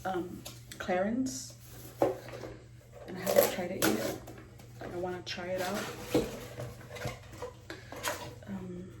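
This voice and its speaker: A woman's voice: mid-range voice, reverberant, noisy background. A young woman doing a casual skincare vlog, rambling with lots of ums and likes, a bit out of breath, recorded in her small bathroom. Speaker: beauty vlogger.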